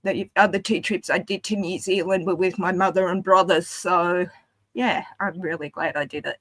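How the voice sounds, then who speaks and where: A woman's voice: on the low side, fairly even intonation, normal speed, no room sound, rough recording. A woman with an Australian accent, chatting casually and rambling with frequent laughs. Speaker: panel guest. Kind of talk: casual chat.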